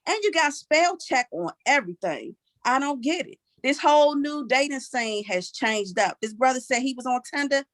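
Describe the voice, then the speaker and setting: A woman in her forties with a Washington, D.C. accent, doing a stand-up comedy set in a sassy, animated way that keeps tagging lines with "okay?". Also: high voice, moderate pace, few pauses, no room sound. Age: 40s.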